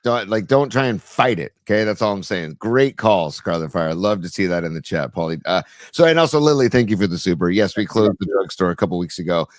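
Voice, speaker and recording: A man from San Francisco co-hosting a casual sports podcast, relaxed, reading viewer messages and stat lines. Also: low voice, a little fast, hardly any pauses, dry recording, clean studio sound. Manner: laid-back, reads chat messages and stat lines. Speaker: podcast co-host.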